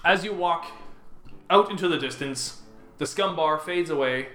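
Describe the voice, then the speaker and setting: A man narrating as game master of a tabletop role-play, animated and laughing often. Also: on the high side, moderate pace, echoey room, soft background music.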